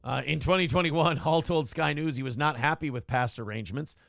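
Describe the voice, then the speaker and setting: A man's voice: on the high side, fairly quick, creaky, fairly bright tone, no echo, clean studio sound. A man hosting a morning show in casual chat, crude and joking, reading out viewer chat.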